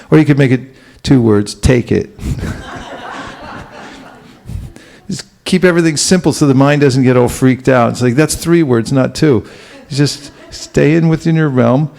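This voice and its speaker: A man giving a relaxed, conversational spiritual talk, asking the audience questions and chuckling now and then. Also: mid-range voice, moderate pace, gravelly, few pauses. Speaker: spiritual teacher giving a class. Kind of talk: conversational sermon.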